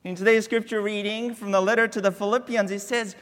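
A man preaching a sermon as a guest pastor in a church, telling a family story with drawn-out, deliberate repetitions. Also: high-pitched, fairly even intonation, a bit bright, long reverb tail. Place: church sanctuary.

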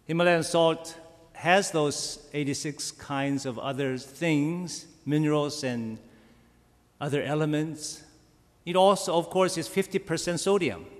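A man preaching a sermon, slow and emphatic, asking his listeners rhetorical questions. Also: a little high. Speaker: pastor. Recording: long reverb of a church hall.

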